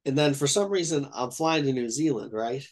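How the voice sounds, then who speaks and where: A man's voice: medium pitch, normal speed. A man in his thirties from Ohio telling a long travel story in casual chat, rambling and acting out what people said. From Ohio, USA. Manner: rambling, animated retelling with quoted voices.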